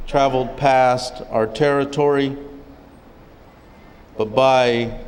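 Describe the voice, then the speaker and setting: A man from an O'odham community speaks slowly and deliberately, unhurried in how he tells the history. His mid-pitched voice carries a long reverb from a large legislative chamber. A faint room hum sits behind him. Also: darkish tone. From O'odham community, Arizona. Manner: measured storytelling, occasional restarts. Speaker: forum speaker. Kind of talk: spoken history talk at a public forum. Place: legislative chamber at a state capitol.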